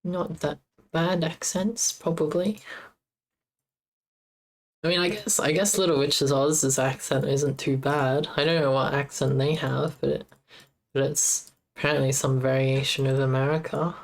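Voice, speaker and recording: Super deep-voiced woman slowly talking thru her code on stream, kinda mumbly. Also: fairly even intonation. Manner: muttering to herself while debugging, halting. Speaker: game developer streamer. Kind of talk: casual live-stream coding commentary.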